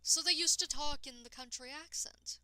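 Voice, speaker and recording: A woman streaming a game and chatting casually with her viewers. She talks in a rambling way, addresses chat directly and sounds tired and low-energy. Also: normal speed, sharp tone, dry recording, low-quality recording. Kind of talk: casual live-stream chat while gaming.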